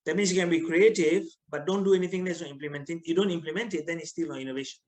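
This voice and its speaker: A middle-aged man with a Malaysian English accent giving a lively, teasing online lecture to students, often asking them questions. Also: on the high side, rapid-fire, low-quality recording.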